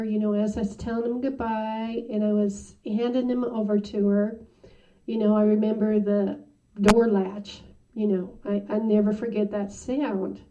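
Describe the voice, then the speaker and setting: A woman giving a personal testimony in an interview, halting and full of "you know" fillers. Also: medium pitch, warm tone. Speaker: interview guest. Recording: muffled sound from a distant mic.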